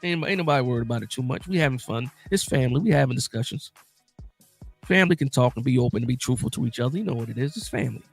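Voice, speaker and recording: A man hosting a casual live sports talk stream, animated and emphatic, often repeating himself for emphasis. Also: medium pitch, racing, vocal fry, faint music behind.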